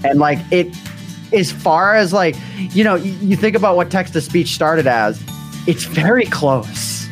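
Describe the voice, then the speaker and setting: A man chats casually on a podcast, working through ideas out loud with eager fillers. His voice sits a little high. Faint music runs in the background. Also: expressive, unhurried. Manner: eager, thinks aloud with fillers. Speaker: podcast co-host. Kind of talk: casual chat.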